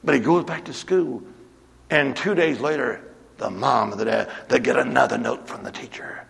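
A man preaching a sermon to his church, moving from quiet storytelling to shouted exhortation. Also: medium pitch, moderate pace, vocal fry, husky, in a large hall. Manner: builds from hushed storytelling to shouted call-and-response exhortation. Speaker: pastor.

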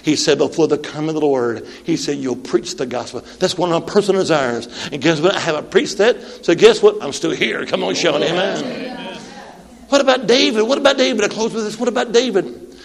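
High-voiced preacher in his sixties, shouting praise. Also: expressive, brisk, vocal fry. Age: 60s. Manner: calls for amens, shouts and sings out. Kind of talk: Pentecostal sermon. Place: church sanctuary. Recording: long hall reverb.

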